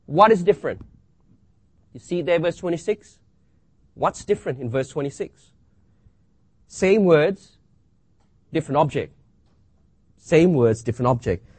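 A man preaching a sermon, reading scripture aloud and asking rhetorical questions with dramatic pauses. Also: a little high, animated, slightly rough, no room sound.

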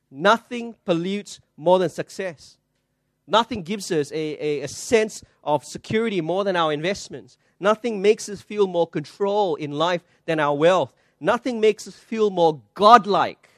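A male pastor delivers a sermon in a notably high voice, recorded dry with little room sound. He tells stories, acts out the voices in them, and asks his listeners rhetorical questions. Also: dry recording. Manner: storytelling preacher, quoting voices, rhetorical questions. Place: church.

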